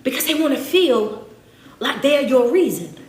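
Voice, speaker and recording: A woman motivational speaker drives her points home with preacher-like repetition and laughing asides. Her voice sits high, and the room adds a clear echo. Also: very animated, unhurried. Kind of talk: motivational speech. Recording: roomy echo.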